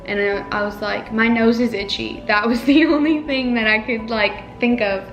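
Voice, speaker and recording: Speaking to the camera, a young woman who vlogs about her family retells a personal story with emotion, rambling through many "like"s and restarts. Her voice is on the high side, steady, moderate in pace, and a bit bright. The room echoes and faint music plays in the background.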